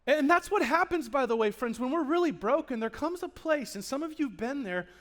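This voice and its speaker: A man preaching a sermon to a live congregation. He speaks dramatically, acts out the people in the story, and swings between hushed and loud delivery. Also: very high-pitched, animated, fairly quick. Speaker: pastor. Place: church in front of a live congregation.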